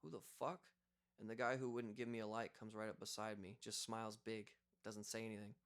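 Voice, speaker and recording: A man's voice: fairly low pitch, completely flat delivery, a little fast, a bit bright, clean tone. Casual young man reading an audiobook. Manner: casual, conversational. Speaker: audiobook reader. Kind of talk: first-person audiobook narration.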